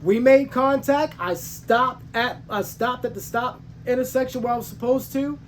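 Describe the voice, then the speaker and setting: A man's voice: very high voice, moderate pace. A man as a truck driver and host, hot under the collar, retelling a story with slang and a faint hum behind. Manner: heated, emphatic retelling with slangy asides; frequent restarts and self-corrections. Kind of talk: casual storytelling to camera.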